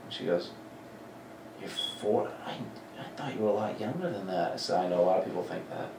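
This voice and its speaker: Deep-voiced and creaky, a forties-aged man who books talent for a comedy club speaks fairly quickly over a noisy background. Telling stories in a casual interview, he's animated and acts out quoted lines, with the mic set far off in an echoey space.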